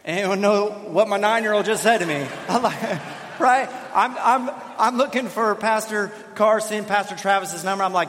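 A man in his thirties, a pastor preaching a sermon in a church and telling an animated, self-deprecating story. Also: high voice, normal speed, a little hiss or hum. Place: church sanctuary. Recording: long hall reverb.

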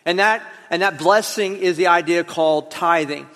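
A man's voice: high-pitched, moderate pace, a bit bright. A man preaching a sermon in a church, talking conversationally and drawing the congregation into call and response. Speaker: pastor. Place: church auditorium. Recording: long hall reverb.

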